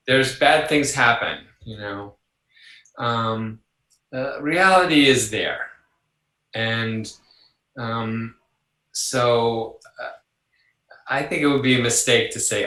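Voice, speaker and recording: An older man speaks with a bright, forceful tone, lively and conversational as he explains his ideas. He acts out little voices in his examples, and the room rings around him with noticeable echo. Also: medium pitch, slow, pauses often. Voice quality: animated, acts out voices in anecdotes. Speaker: psychologist guest. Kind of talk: conversational interview.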